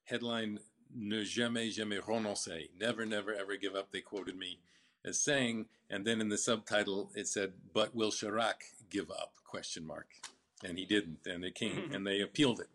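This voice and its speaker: An older man recounting his business story in a casual interview, halting with fillers and restarts. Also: fairly low pitch, fairly even intonation, a bit bright.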